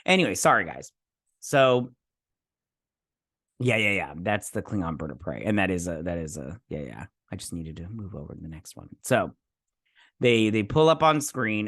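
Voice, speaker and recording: A man's voice: low voice, expressive, normal speed, a bit bright, dry recording, clean studio sound. A man hosting a casual episode review, rambling and hesitant, with lots of fillers and restarts, and often poking fun at his own memory. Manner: self-deprecating. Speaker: show host reviewing a TV episode.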